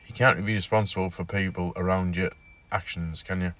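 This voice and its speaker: A man's voice: deep voice, fairly even intonation, a little fast, a bit bright. A man hosting his own casual news vlog, rambling and repeating himself with fillers as he talks. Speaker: vlogger.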